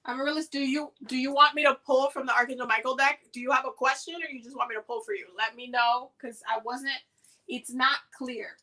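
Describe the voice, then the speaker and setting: A woman's voice: high voice, fairly even intonation, brisk, bright, forceful tone, low-quality recording. A woman hosting a live oracle card reading, talking in a loose, slangy, chatty way with lots of fillers and repeated words. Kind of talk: casual livestream chat during card pulls.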